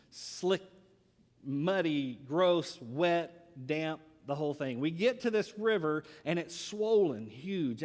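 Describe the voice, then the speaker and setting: Higher-voiced man preaching in a reverberant hall. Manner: lively storytelling with pauses. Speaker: pastor. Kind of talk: sermon with a personal story.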